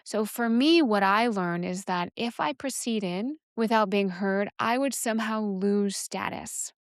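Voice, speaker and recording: A woman's voice: medium pitch, unhurried, clear, resonant tone, dry recording, clean studio sound. A woman who teaches sexuality, explaining a step-by-step inner process in a frank, candid way, often restarting her sentences. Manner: frank, thinks aloud, many restarts and fillers. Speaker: sexuality educator and podcast host.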